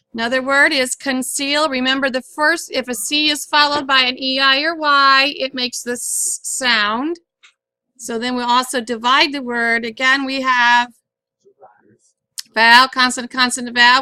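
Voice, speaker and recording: A woman's voice: high voice, bright, forceful tone, no room sound. A woman teacher explaining syllables and accent marks in a patient, step-by-step phonics lesson. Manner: clear, patient, step-by-step instructing.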